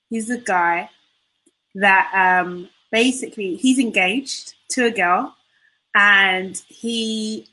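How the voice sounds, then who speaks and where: Slow, bright-voiced woman telling a story. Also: mid-range voice, poor audio. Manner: rambling, checks in with listeners, "yeah?". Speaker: podcast co-host. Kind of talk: casual storytelling.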